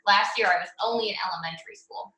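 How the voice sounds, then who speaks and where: A chatty woman host speaks in a bright, sharp voice and shares classroom tips at a lively clip. Her voice rings through a roomy, echoey space, and she slips easily into a bossy teacher tone when she tells a story. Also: medium pitch, fast talker. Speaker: podcast host, speech therapist. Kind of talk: casual podcast chat.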